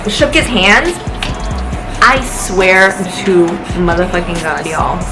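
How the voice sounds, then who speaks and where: A woman's voice: on the low side, expressive, slow, rough recording. Rambling tipsy young woman, swearing. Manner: rambling, swearing, loose and chatty. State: tipsy and high. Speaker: vlogger. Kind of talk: casual storytime. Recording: music playing behind her voice.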